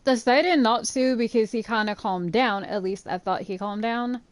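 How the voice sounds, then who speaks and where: A woman chatting casually and telling a story while playing a game. She speaks in an animated way, swears freely and fills her speech with "like". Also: fairly high pitch, normal speed, dry recording. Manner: chatty, profane, animated retelling with frequent "like". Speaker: gaming channel host. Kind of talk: casual storytelling over gameplay.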